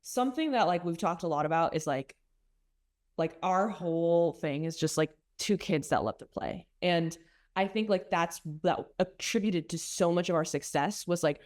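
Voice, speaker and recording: Rambling young woman with a low voice. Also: moderate pace, a little mellow. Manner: rambling, filler-heavy, teasing. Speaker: runner-up contestant guest. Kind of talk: casual interview chat.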